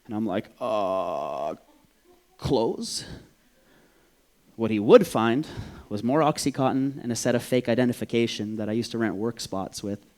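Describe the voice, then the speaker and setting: A man, from Vancouver, telling a personal story on stage in an animated, profane way, acting out the voices. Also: medium pitch, a little fast, few pauses. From Vancouver, Canada.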